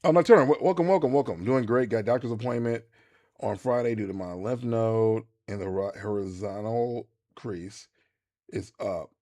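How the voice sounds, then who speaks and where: A man, chatting casually to viewers while streaming a game, rambling and animated with many restarts. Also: fairly low pitch, normal speed. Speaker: gaming streamer. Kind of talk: casual live-stream chat while playing.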